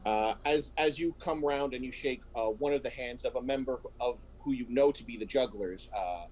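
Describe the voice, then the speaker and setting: A man's voice: medium pitch, darkish tone. A man narrating a tabletop role-playing game as game master, describing scenes and voicing characters. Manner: describes scenes and voices characters in quick asides.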